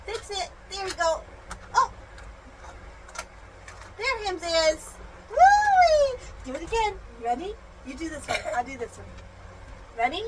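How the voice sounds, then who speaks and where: High-voiced mother, slow and singsong. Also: animated. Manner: singsong, exaggerated gasps and animal sounds for a child. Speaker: parent teaching her child at home. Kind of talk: home video, playful teaching. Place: home room. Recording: noisy home phone recording.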